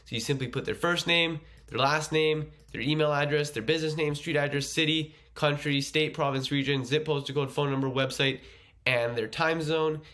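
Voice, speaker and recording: A man's voice: a little high, steady tone, moderate pace, fairly bright tone. A man running a casual tutorial, chatty and explaining things step by step. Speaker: agency owner teaching a course.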